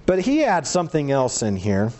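A man preaching a sermon and reading scripture aloud, earnest, asking rhetorical questions and dropping low and slow to stress a point. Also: wildly swooping pitch, a little mellow.

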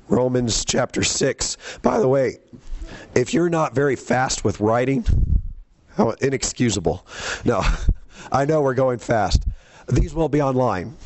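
A man's voice: medium pitch, a little mellow. A man preaching a sermon, teaching from scripture in a conversational way and quizzing his listeners with questions.

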